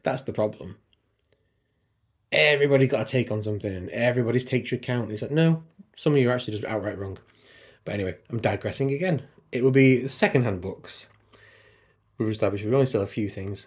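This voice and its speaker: A man's voice: mid-range voice, animated, fairly quick, slightly rough. A man chatting casually on a book vlog, wandering off on tangents and poking fun at himself, recorded at home by his computer. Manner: chatty, digressive, self-deprecating. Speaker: book vlogger. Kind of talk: casual chat.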